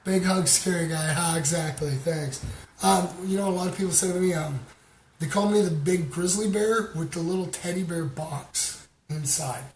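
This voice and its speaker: A talkative man from Canada chatters his way through a livestream, stopping to greet viewers by name. He rambles and fills his pauses with "um". The room sounds hollow, with a steady hum of noise behind him. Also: a little high. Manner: rambling, talkative, many fillers. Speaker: livestream host. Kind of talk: casual livestream chat with shout-outs. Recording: roomy sound with background noise.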